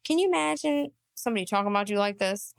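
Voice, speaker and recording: A woman's voice: mid-range voice, animated, quick pace, creaky, clear, resonant tone, no echo, clean studio sound. A woman giving mocking reaction commentary, laughing often and mimicking what she hears.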